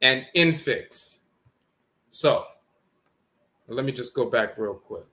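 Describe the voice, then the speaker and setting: A man lecturing on language origins, deliberately spelling out letters and repeating each word as he points to text on screen. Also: medium pitch, pushed and bright.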